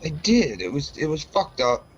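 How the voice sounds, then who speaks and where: A man in his thirties co-hosting a casual podcast, swearing a lot and acting out quotes in a higher voice as he tells stories. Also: big pitch swings, normal speed, slightly rough. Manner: profane, storytelling, acts out quotes in a higher voice. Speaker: podcast co-host. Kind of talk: casual chat. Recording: dull lo-fi sound with faint noise.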